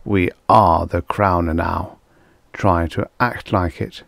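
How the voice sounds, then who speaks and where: A man voicing a calm, cunning emperor in an audiobook, speaking evenly and quietly, with a mocking edge. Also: deep voice, slow, gravelly, dry recording, clean studio sound, full character voice.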